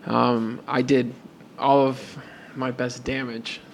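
A man co-hosting a podcast, telling a story in a casual, animated way and acting out both sides of the conversation. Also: mid-range voice, takes it slowly, gravelly, very noisy. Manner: animated retelling with repeated "and I'm like". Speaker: podcast co-host.

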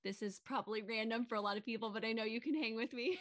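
A woman hosting a conversation, affirming her guest often and asking gentle questions. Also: fairly high pitch, fast, no room sound, studio quality. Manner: affirming, frequent "mm-hmm" and "yes". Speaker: host. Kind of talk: interview conversation.

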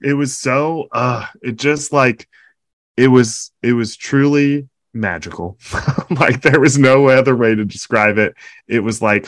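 A man's voice: mid-range voice, unhurried, a bit bright, no room sound. A man co-hosting a casual chat, recounting a moving moment with emotional enthusiasm. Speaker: podcast co-host.

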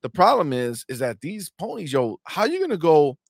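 A young adult man co-hosting a gaming livestream, animated and profane, trash-talking rival fans and reading viewer chat aloud. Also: on the high side, moderate pace, gravelly, no echo, studio quality. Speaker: co-host of a gaming talk stream. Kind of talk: casual livestream banter.

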